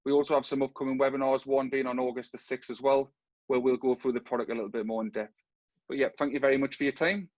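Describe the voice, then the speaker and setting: A man with a Geordie accent rattles through a software pitch at speed, leaning on "kind of" and "on there". His voice sits at a middling pitch. The audio is dry and a little dull, like a lo-fi video call. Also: steady tone, no echo. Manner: rapid, filler-laden pitch with "kind of". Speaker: software company presenter. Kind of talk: webinar product presentation.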